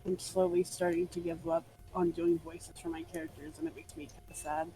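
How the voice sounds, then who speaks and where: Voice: mid-range voice, lively intonation, fairly quick, creaky, dark tone, soft background music, poor audio. A tabletop player chatting casually with the group, earnest and reassuring. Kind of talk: casual chat between tabletop sessions.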